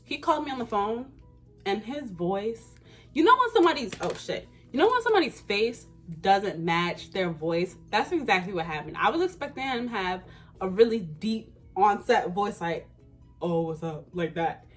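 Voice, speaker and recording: Animated young woman telling a storytime. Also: medium pitch, normal speed, faint music behind. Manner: animated, slangy, emphatic. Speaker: vlogger. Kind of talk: casual storytime.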